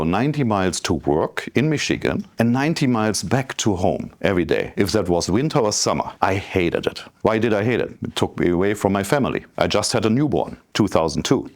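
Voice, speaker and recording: A man in his fifties from Germany with a German accent, giving a motivational talk as a business coach and telling his story straight to the audience. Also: lowish voice. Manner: animated storytelling, addresses the audience directly.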